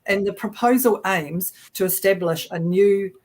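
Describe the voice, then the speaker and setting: A woman's voice: mid-range voice, measured pace, a little mellow. A woman with a New Zealand accent co-hosting a political livestream, chatty and sarcastic, often restarting her sentences. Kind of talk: casual political talk show.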